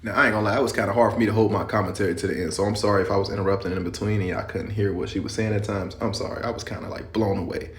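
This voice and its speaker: A man's voice: on the low side, steady tone, racing, few pauses. A man hosting and commenting casually, firing incredulous questions straight at his audience. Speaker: host and commentator.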